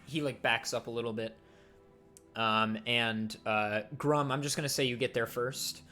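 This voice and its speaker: Bright-voiced male game master. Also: medium pitch, fairly even intonation, measured pace, soft background music. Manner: casual and descriptive, many fillers. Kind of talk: narrating a tabletop game.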